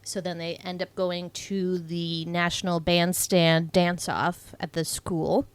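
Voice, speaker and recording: A woman's voice: lowish voice, little pitch movement, slow, clear, resonant tone, no echo. A young woman chatting through a movie recap on a podcast, swearing freely and peppering everything with "like" and "um". Her voice is recorded dry and close, with no room sound. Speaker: podcast co-host. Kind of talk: casual chat recapping a movie.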